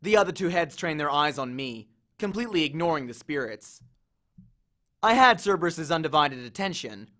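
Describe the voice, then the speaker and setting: A man reading a novel chapter aloud with an expressive, animated delivery. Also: a little high, moderate pace. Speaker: audiobook reader. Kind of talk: storybook reading.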